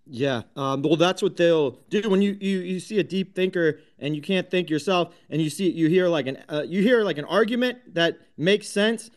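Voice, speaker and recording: A man's voice: sits high, normal speed, few pauses. A man hosting a live online audio room, ranting combatively with constant swearing and frequent restarts. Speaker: host of a crypto talk space.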